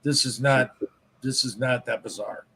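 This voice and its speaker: Podcast host man, candid, curses freely, husky voice, stumbles over his words. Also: mid-range voice, a little slow, sharp tone. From Michigan. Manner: candid, swears, stumbling restarts. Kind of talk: casual podcast interview.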